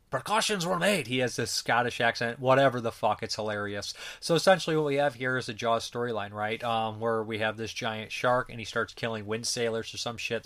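A man's voice: lowish voice, fairly bright tone. A man reviewing films in a casual, rambling way, joking and swearing freely. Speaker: movie reviewer.

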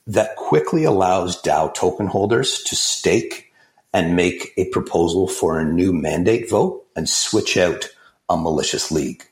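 Deep-voiced man answering with measured pauses. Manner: measured, many fillers and restarts. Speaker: guest, crypto project founder. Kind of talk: interview answers.

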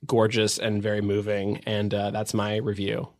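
A man's voice: fairly low pitch, monotone, moderate pace, a little mellow, dry recording. Rambling young man in a dry room. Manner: rambling, filler-heavy storytelling with many "like"s. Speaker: podcast guest. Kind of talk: casual chat.

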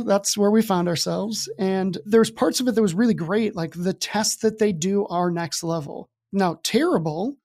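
A man with a fairly high voice, recounting a hard stretch of life as a podcast guest. He talks in a casual, candid way and drops in dry jokes at his own expense. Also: darkish tone. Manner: casual, candid, with wry self-deprecating humor. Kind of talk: candid storytelling.

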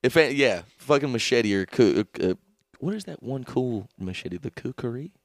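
A young man trading jokes on a podcast, his pitch bouncing all over as he rambles and curses. He laughs a lot and keeps it loose. The sound is dry and close to the mic. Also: expressive, moderate pace, no echo. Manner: rambling, laughs often, swears freely. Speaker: podcast co-host. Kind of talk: casual comedic chat. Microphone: studio microphone.

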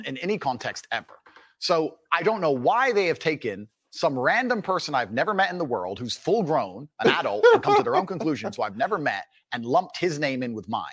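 A man's voice: mid-range voice, sing-song, fairly quick, fairly bright tone, no room sound. A man answering interview questions in an emphatic, assertive way. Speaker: interview guest.

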